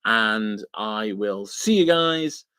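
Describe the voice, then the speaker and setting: A man's voice: fairly low pitch, expressive, slow, pushed and bright, smooth, no echo. A man hosting a live stream, chatting loosely and rambling as he paints miniatures. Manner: rambling and chatty, many fillers. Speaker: wargaming channel host.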